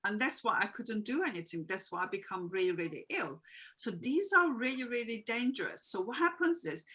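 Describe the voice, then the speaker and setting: A woman guest on a video call, working as an emotional wellbeing coach, answers interview questions in a brisk, very animated, mid-range voice that is husky with a sharp tone. Her explanations are earnest and long, full of repeated phrases and small non-native grammar mistakes, and the recording is low quality.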